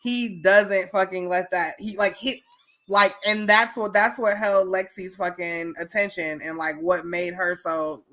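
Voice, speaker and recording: A woman with a Chicago accent, co-hosting a casual TV recap chat, talking in an animated and profane way and laughing often. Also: fairly low pitch, measured pace. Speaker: podcast co-host.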